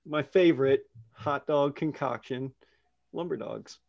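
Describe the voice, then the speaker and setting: A man's voice: medium pitch, unhurried, creaky, crowd noise. A man in casual group banter, playful and teasing. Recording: dull, lo-fi sound.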